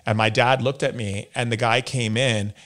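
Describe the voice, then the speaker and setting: A man's voice: mid-range voice, fairly even intonation, normal speed, fairly bright tone. A man, a guest in an interview, earnestly telling personal stories and acting out what other people said. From United States. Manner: earnest storyteller who acts out other people's words. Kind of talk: personal storytelling in a sit-down interview.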